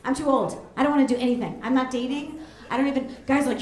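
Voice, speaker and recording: A woman's voice: sits high, quick pace, darkish tone. A woman in her forties doing a brash, rambling stand-up set, jumping into squealing voices, on a comedy club stage with a handheld mic. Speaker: stand-up comic. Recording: echoey club room with audience laughter.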